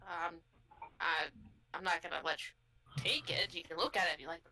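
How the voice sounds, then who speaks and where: A woman as a tabletop game player, speaking softly and offhandedly. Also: lowish voice, moderate pace, low-quality recording. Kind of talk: casual play at a game table.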